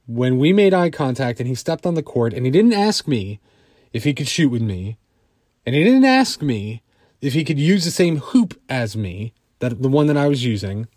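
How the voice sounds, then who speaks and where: A man's voice: on the high side, a little mellow, no echo, studio quality. A man telling a personal story in a conversational way, full of fillers.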